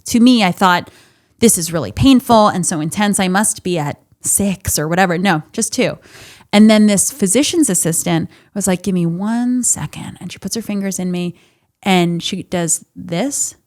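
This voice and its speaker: A woman's voice: lowish voice, moderate pace, a little mellow. A woman in her thirties hosting a podcast, telling a personal story in a candid, profane, emotional way. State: laughing and tearful. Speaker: podcast host.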